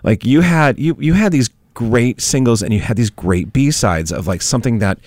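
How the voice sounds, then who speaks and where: A man's voice: mid-range voice, animated, moderate pace, a little mellow, no room sound. A man co-hosting a radio show, talking about music in a rambling, hesitant way. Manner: rambling, hesitant, many fillers. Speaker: radio host. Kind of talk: casual radio banter. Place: radio studio. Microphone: studio mic.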